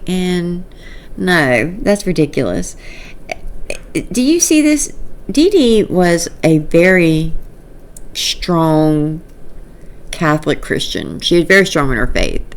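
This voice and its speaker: A woman commenting on online drama in a casual vlog, sarcastic and exasperated, often laughing. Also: low-pitched.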